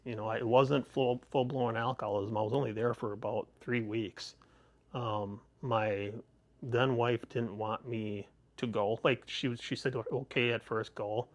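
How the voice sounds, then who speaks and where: A man's voice: mid-range voice, fairly even intonation, unhurried. A middle-aged man on a podcast, telling rambling personal stories with many restarts and laughs. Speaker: podcast host, guest. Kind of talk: casual interview storytelling.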